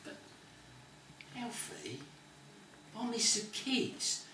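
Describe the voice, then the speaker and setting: A woman's voice: fairly high pitch, big pitch swings, very slow, pushed and bright, heavily acted. A woman playing an earnest, homesick married man in a hospital bed, pleading about his wife and children. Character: devoted married male patient, homesick. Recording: echoey room, distant mic, faint noise.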